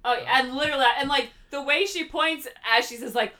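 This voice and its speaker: Casting: a lively woman podcast co-host, casual and quick to laugh. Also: high-pitched. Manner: animated, laughs often, acts out lines. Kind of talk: casual film discussion.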